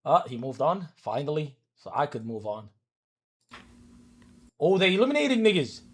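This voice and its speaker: High, swinging male streamer ranting. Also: very animated, normal speed. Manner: heated, profane ranting at viewers; swears oaths repeatedly. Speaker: livestreamer. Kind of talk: live stream reaction commentary.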